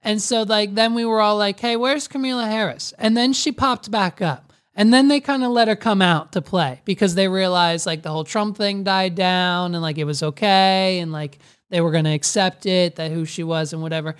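A woman riffing on a clip in casual comedic commentary, rambling and crude. Her voice sits at a middle pitch, and she loops back over her own phrases. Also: moderate pace, few pauses, clear, resonant tone. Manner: rambling, crude, full of likes.

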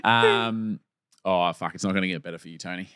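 Man, podcast co-host, wry teasing storyteller, animated pitch, dry studio sound. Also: a little fast, smooth, dry recording. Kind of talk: casual podcast chat. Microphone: studio mic.

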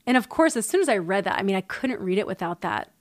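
A woman's voice: mid-range voice, big pitch swings, fast talker. A woman giving opinion commentary in a sarcastic, indignant way.

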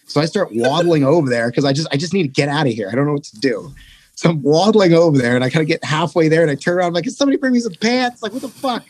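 A man on a podcast telling a tour story, animated and profane, jumping into higher voices for quotes. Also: rapid-fire, husky. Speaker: podcast guest, touring musician. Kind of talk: casual storytelling.

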